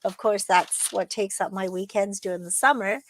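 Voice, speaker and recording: A woman's voice: mid-range voice, moderate pace, a little hiss or hum. A woman co-hosting a casual morning chat show, talking in an upbeat, chatty way with lots of fillers. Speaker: co-host.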